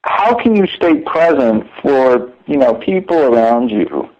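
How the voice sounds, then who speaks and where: A man's voice: medium pitch, sing-song, a little slow, darkish tone, highs cut off. A man co-hosting a casual podcast conversation over a call, rambling and hesitant with many fillers. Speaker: co-host interviewer. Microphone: remote call.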